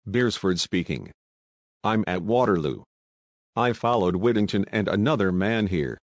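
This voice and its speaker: Man doing eager young englishman, brisk, urgent, low voice, storybook. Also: lively intonation, no room sound.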